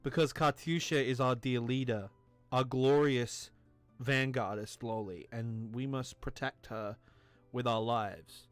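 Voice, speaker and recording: A man's voice: mid-range voice, steady tone, measured pace, clean tone, no echo, soft background music. A tipsy man hosting a let's play, rambling, joking, and swearing as he comments on a game.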